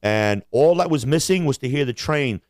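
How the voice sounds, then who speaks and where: This man co-hosts a podcast, speaking at a normal pace in a medium-pitched, slightly mellow voice with lively intonation. He wanders through crude humor, profane rants, and jokey impressions in relaxed conversation, captured in clean studio sound with no room echo.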